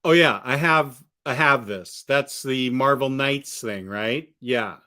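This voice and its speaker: A man's voice: medium pitch, slow, bright, forceful tone. A man chatting casually on a livestream from his apartment, rambling and answering viewers' questions as he goes. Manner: rambling, restarts often, answers chat questions. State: has the hiccups. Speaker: comic book collector streamer. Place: apartment room among bookshelves.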